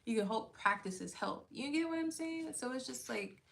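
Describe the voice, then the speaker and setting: A woman's voice: high-pitched, animated, moderate pace, creaky. A woman livestream host in casual faith chat, talking loosely and candidly, full of "like" and the odd swear word. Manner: laughs often between thoughts.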